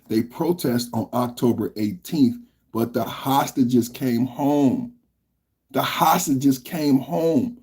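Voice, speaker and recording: A man's voice: mid-range voice, dark tone, husky. A man hosting a reaction podcast, ranting angrily with heavy profanity and mocking his critics. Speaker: podcast host reacting to clips. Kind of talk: heated political rant.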